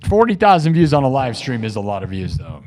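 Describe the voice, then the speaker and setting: A man hosting a live stream, rambling excitedly to his chat. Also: mid-range voice, quick pace.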